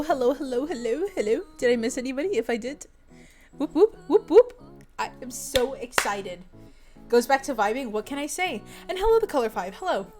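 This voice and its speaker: A young woman streaming, chatting casually with viewers in a bubbly, excitable way as she gets ready to read a fanfic aloud. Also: a little high. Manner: bubbly, excitable, repeats greetings. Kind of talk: casual livestream chat.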